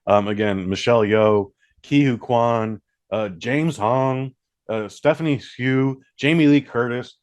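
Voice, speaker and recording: A man's voice: mid-range voice, unhurried, dry recording. A man co-hosting a podcast, chatting casually about movies and swearing now and then. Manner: relaxed, swears casually, acts out quoted reactions. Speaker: podcast co-host. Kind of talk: casual movie review chat.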